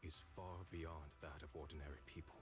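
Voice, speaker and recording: A man's voice: rumbling low, steady tone, a little fast, over music. A man voicing a wary, blunt character in a game, asking skeptical questions.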